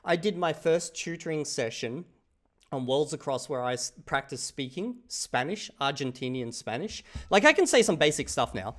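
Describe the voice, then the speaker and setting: Australian man, reaction commentary, casual, rambling, swears, restarts sentences, fairly high voice. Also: animated, moderate pace, a bit bright. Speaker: reaction video host.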